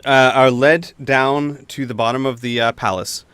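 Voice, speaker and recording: A man's voice: medium pitch, fairly even intonation, moderate pace, a bit bright, clear, resonant tone, dry recording. A man narrating a tabletop role-playing game as game master, hesitant and full of ums and uhs.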